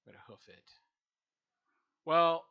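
A young man telling a rambling, self-mocking story in a casual chat. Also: measured pace. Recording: slightly dull lo-fi sound.

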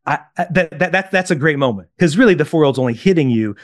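A man's voice: a little high, fast, no echo, studio quality. A man talking as a parenting coach in an interview, telling stories animatedly, acting out quotes and often checking in with "right?". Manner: animated storyteller, acts out quotes, keeps asking "right?". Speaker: parenting coach, podcast guest. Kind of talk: interview talk with anecdotes.

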